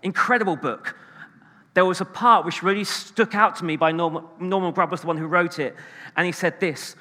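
A man preaching a sermon, animated and emphatic, swinging between loud bursts and hushed asides. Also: high-pitched, fairly quick, long reverb tail.

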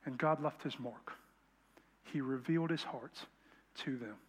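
A man telling a testimony story in a sermon, animated and then dropping to quiet intensity. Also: mid-range voice, a little slow, husky. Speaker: preacher. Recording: long hall reverb.

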